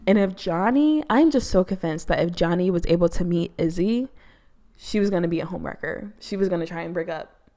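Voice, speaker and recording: A woman's voice: fairly low pitch, fairly quick, dark tone. A woman hosting a casual TV recap, talking in a chatty, gossipy way full of fillers. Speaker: YouTube commentary host.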